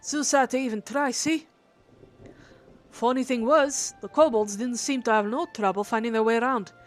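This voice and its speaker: Woman putting on a brash male adventurer from a video game, faked Scottish accent, high and loud. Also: close to an everyday voice. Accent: attempted Scottish. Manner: loud, folksy, slangy banter. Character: rough, cheery male adventurer.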